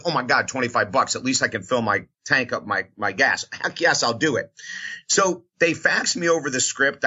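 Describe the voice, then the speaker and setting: Male radio host, bright tone, animated storyteller, muffled lo-fi audio. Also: mid-range voice. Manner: animated storyteller acting out quoted voices. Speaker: radio host and motivational speaker. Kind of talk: storytelling interview answer.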